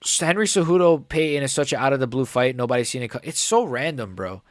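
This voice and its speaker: A casual young man hosts a live fight reaction stream, rambling through fight talk with lots of filler and frequent "like" and "bro." His medium-pitched, expressive voice moves quickly and sometimes cracks upward, recorded in clean studio sound with no echo.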